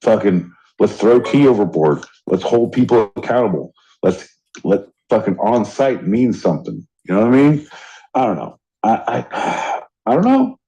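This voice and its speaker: A podcast co-host rants in casual chat, heated and swearing freely. His lowish, warm voice swings widely in pitch at a moderate pace, and the recording is dull and lo-fi.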